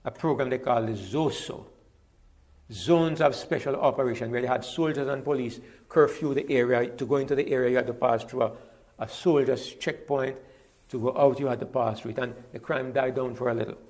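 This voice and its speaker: A middle-aged Jamaican man, being interviewed, speaks in a conversational monologue, emphatically repeating words as he builds his point. His voice is mid-range and a little mellow, and he talks briskly.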